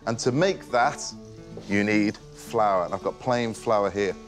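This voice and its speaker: A man's voice: on the low side, takes it slowly, soft background music. A man hosting a cooking show, talking casually and enthusiastically as he demonstrates a recipe in a kitchen. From Merseyside, England. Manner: casual and enthusiastic, praising the food.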